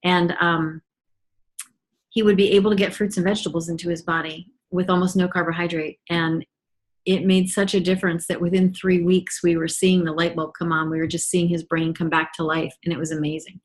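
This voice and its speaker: A woman's voice: fairly low pitch, little pitch movement, brisk. A middle-aged woman gives a personal testimony as a mother, talking in a chatty, earnest way with frequent ums and restarts. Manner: earnest and enthusiastic.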